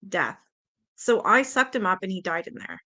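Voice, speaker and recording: With a mid-range, sharp voice that's very animated at a moderate pace, a Canadian woman hosts a livestream. She reads aloud, chats loosely with viewers, laughs frequently and swears without restraint.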